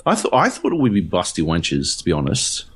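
A man's voice: sits low, huge pitch swings, brisk, slightly rough. A man co-hosting a podcast, telling a rambling, profane story full of fillers in casual chat. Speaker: podcast co-host.

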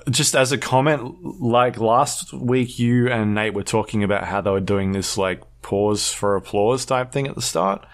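A man's voice: medium pitch, unhurried, gravelly, hardly any pauses. A man hosting a casual podcast chat, rambling along with many ums and uhs and light laughs. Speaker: podcast host.

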